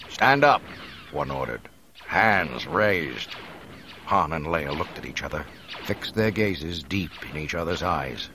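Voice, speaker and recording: Deep, expressive audiobook narrator. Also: male voice, background noise. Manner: expressive, varied delivery.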